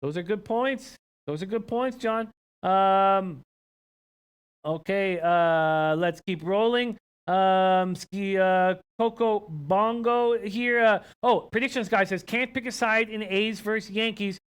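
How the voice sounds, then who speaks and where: A man's voice: sits high, takes it slowly, clear, resonant tone. A young man from Canada hosting a sports betting live stream, chatting casually, reading viewer comments and odds aloud with plenty of ums and uhs. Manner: relaxed, filler-heavy, reads betting lines aloud. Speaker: sports betting show host.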